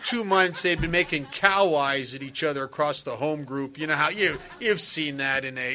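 A man speaking at a recovery meeting and telling humorous stories in a joking, conversational way. He often drops into quiet asides and then breaks into loud, excited bursts. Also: fairly high pitch, moderate pace. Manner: joking, conversational, full of "you know" and "man". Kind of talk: humorous storytelling talk.

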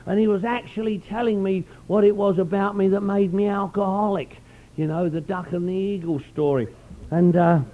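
High-voiced middle-aged man telling his story. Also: narrow, tinny audio. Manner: rambling, folksy, peppers speech with "you know". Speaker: recovery meeting speaker. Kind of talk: personal storytelling talk.

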